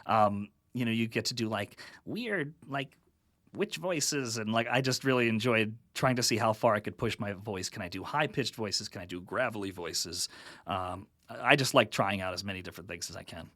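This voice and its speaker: A man's voice: fairly low pitch, moderate pace, fairly bright tone, no room sound, clean studio sound. A man chatting casually and playfully as a podcast guest. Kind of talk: casual chat.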